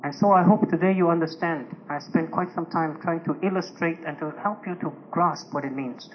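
A man preaching a conversational sermon to a congregation, telling personal stories gently and with humor, chuckling now and then. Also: on the high side, fairly quick. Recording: dull lo-fi recording with faint noise.

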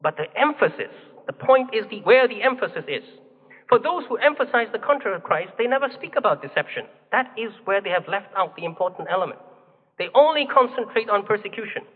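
High-voiced preacher in echoing hall. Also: male voice, expressive, slightly rough. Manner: measured, emphatic teaching with rhetorical questions. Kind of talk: sermon. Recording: phone-like, long hall reverb.

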